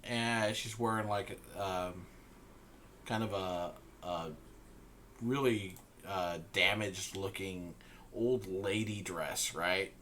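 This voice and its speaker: A man running a tabletop game who narrates slowly, pausing with frequent fillers. His voice is bright and forward, with faint room ambience behind. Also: sits low, steady tone, a little hiss or hum. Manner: slow, searching narration with many fillers. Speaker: game master.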